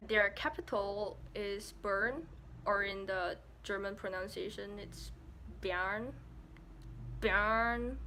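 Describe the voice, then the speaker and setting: A woman's voice: medium pitch, fairly bright tone, slight background noise. A young woman from Malaysia with a Malaysian English accent, giving a casual, jokey vlog with playful asides. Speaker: vlogger.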